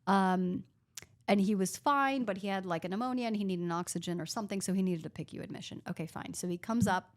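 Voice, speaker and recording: A woman physician in a casual podcast chat, telling a story in an animated way, acting out what people said and using "like" often. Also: mid-range voice, fast. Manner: animated, acts out quoted dialogue, frequent "like".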